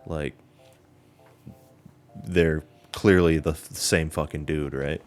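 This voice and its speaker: A man's voice: extremely low pitch, fairly even intonation, slow pace, faint music behind. A man hosting a podcast, telling a long story in a loose, rambling way with lots of fillers and swearing. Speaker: podcast host. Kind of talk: casual chat.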